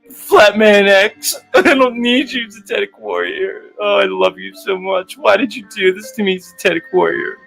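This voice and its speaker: A man's voice: high voice, gravelly, fairly bright tone, heavily acted. A man putting on the voice of a clingy, lovesick male superfan who pleads and giggles with dramatic devotion.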